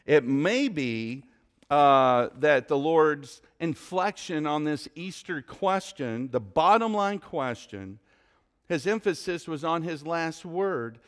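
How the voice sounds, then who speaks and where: A male pastor preaching a sermon in a church, emphatic, with rhetorical questions and dramatic pauses. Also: on the high side, animated. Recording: long hall reverb.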